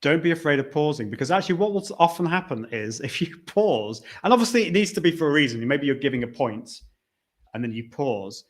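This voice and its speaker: A talkative man hosting a live stream, his voice sitting a little high for a man. He chats loosely with his guest, trips over the start of sentences, and reads viewer comments aloud. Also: very animated, brisk. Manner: chatty, restarts, reads out comments. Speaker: host.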